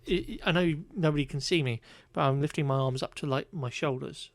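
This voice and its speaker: This man's voice sits fairly high and moves fairly quickly, recorded dry. Co-hosting a laid-back podcast, he runs through a film with wry exasperation and plenty of filler words.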